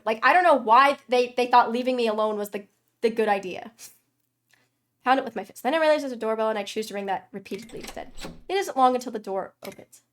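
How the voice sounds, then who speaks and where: A woman streamer reading a story game aloud, a dramatic reading broken by loud, sweary reactions. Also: a little high, quick pace, faint music behind.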